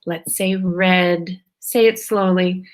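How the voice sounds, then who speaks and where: Slow, patient woman teaching phonics. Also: on the low side, steady tone. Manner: stretches out sounds and words slowly, checks in with "okay?". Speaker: kindergarten teacher. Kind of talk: slow, patient phonics lesson for young children.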